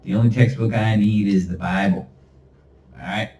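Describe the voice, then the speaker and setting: A man's voice: fairly low pitch, steady tone, moderate pace, darkish tone. A man hosting a solo podcast monologue. He talks in a rambling, emphatic, preachy way and chuckles now and then. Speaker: podcast host. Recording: roomy, far from the mic.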